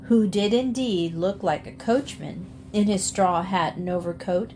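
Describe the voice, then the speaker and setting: A woman reading a children's storybook aloud in a calm, measured way. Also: mid-range voice, a little hiss or hum. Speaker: storybook reader.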